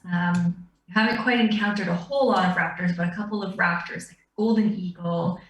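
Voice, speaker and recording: A woman's voice: lowish voice, fairly even intonation, a little fast. Roomy-sounding woman dungeon master. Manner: descriptive, meandering with fillers. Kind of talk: narrating a tabletop game. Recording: roomy, distant mic.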